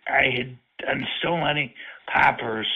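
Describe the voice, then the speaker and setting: A man's voice: medium pitch, a little slow, creaky, breathy edge. A man making crude prank phone calls, rambling, stammering and talking lewdly. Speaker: prank caller. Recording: tinny phone line.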